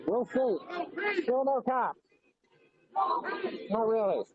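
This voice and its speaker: A man livestreaming from a street protest, reporting what he sees in a halting, observational way. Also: very high-pitched, very animated, highs cut off, crowd noise. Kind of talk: on-the-ground live reporting.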